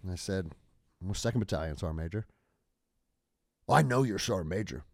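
A man with a lowish voice hosts a podcast, and his pitch swings widely as he talks. He speaks casually and swears freely. The mic is close and dry. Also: fairly quick, dry recording. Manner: lively, profane, conversational. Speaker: podcast host, military veteran.

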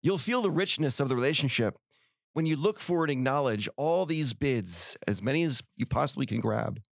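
A man's voice: mid-range voice, lively intonation, normal speed, creaky, dry recording, studio quality. A middle-aged man hosting a podcast, giving an earnest, folksy motivational talk full of rhetorical questions. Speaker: podcast host.

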